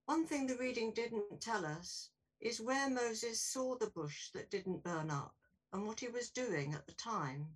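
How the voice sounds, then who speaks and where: A woman preaching a sermon in a church in a clear, explanatory way. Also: fairly high pitch, expressive, a little slow, recorded from a distance, poor audio.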